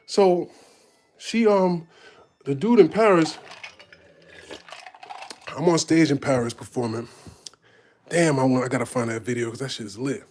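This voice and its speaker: A man telling casual stories from his tour, animated and profane, acting out voices as he goes. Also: medium pitch. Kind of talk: casual storytelling.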